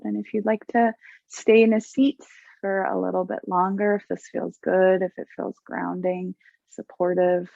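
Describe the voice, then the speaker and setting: A woman leading a gentle yoga class, giving calm, soothing cues about breath and posture. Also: mid-range voice, moderate pace, vocal fry, no echo, muffled recording. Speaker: yoga instructor. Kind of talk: guided yoga class instruction.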